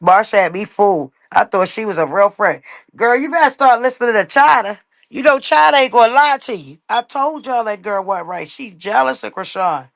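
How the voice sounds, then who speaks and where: A woman's voice: on the high side, lively intonation, moderate pace, vocal fry, dry recording, studio quality. A woman hosting a casual livestream rant, blunt and profane, repeating her points for emphasis. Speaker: livestream host. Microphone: laptop mic on a live stream.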